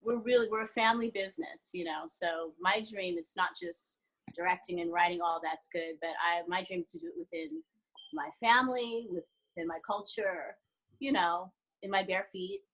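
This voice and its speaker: A woman in her forties, an actress guest in a casual interview, telling animated stories with frequent laughter. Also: medium pitch, normal speed, low-quality recording.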